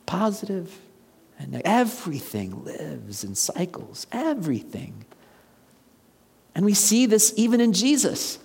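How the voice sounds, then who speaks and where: A man around fifty preaching a conversational sermon, asking the congregation questions and dropping to a hushed near-whisper for emphasis. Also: high-pitched, very animated, measured pace, vocal fry, slightly rough. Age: about 50. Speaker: pastor. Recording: long reverb of a large hall.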